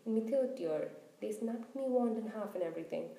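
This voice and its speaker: Lady doing a big gruff gamekeeper guy, loud and rustic, soft mellow tone, roomy echo. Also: mid-range voice, animated, brisk. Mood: rueful. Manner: loud, blustering rural dialect. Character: huge gruff kindly male half-giant gamekeeper.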